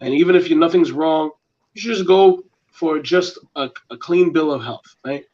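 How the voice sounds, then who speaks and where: A man co-hosting a podcast in casual chat, speaking earnestly and haltingly with many fillers. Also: a little high, darkish tone. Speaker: podcast co-host. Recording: dull lo-fi sound.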